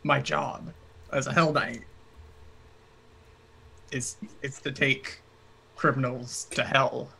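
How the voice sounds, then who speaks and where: Guy with a sharp bright voice, brash casual roleplay talk. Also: medium pitch, level tone, slow, creaky, pauses often, a little hiss or hum, rough recording. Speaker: player. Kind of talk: tabletop role-play, in character.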